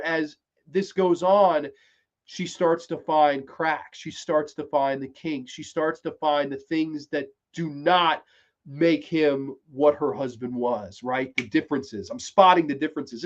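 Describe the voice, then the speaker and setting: A man's voice: fairly high pitch, dull audio. Rambling man recapping with profanity. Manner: rambling, profane, with quick acted quotes. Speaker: podcast host reviewing a TV series. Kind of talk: casual recap and commentary.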